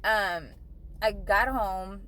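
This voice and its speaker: A woman's voice: mid-range voice, extremely slow, bright, forceful tone, poor audio. A young woman vlogger telling a story in a casual, rambling way, swearing often and saying "like" a lot. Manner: profane, rambling, says "like" a lot.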